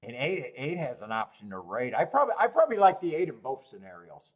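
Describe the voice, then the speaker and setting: A man's voice: medium pitch, huge pitch swings, fast talker, breathy edge. A man hosting a live horse racing betting stream, chatting casually with viewers, swearing freely and laughing at himself often. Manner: profane, self-mocking, laughs often.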